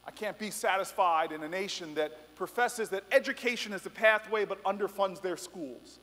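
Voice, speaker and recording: High-voiced man giving a rousing speech. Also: normal speed, fairly bright tone. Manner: passionate, building to emphatic peaks, storytelling asides. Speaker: speaker at a student rally. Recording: echoey hall reverb.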